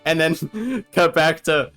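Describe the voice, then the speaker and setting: A man's voice: a little high, fairly bright tone. A man casually riffing over an old movie, rambling, joking and swearing as he goes. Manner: rambling, profane, jokey. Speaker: movie commentator. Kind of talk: casual movie riff commentary.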